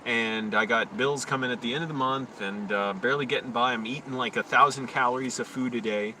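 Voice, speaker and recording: A man's voice: medium pitch, fairly even intonation, slight background noise. Rambling man ranting outdoors on a phone. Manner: rambling, quick to rant and get loud. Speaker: live-streaming YouTuber. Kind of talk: rambling live-stream talk to chat. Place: outdoors in an urban park.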